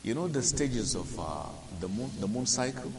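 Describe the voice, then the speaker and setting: A man teaching a Quran and Arabic grammar lesson, explaining slowly, quizzing his listeners and chanting the Arabic verses. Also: mid-range voice, animated. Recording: hissy recording with long reverb.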